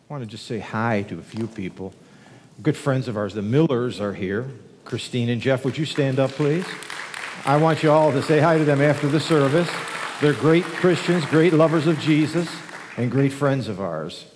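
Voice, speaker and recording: A man's voice: medium pitch, a little mellow, slight background noise. Jovial male preacher in a reverberant church. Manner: folksy, joking, then rising in fervor. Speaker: guest preacher. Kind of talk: sermon with jokes. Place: church sanctuary.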